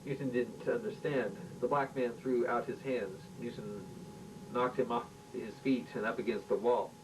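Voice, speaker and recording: Man reading a story from a distance. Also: steady tone. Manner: halting, with restarts. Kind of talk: reading an improvised sci-fi story aloud. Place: home room. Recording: distant mic with faint rumble.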